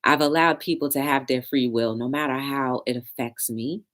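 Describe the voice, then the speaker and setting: Low-voiced woman hosting a talk show. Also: moderate pace, a bit bright. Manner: chatty, preachy, answers chat comments. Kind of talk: casual live-stream talk to chat.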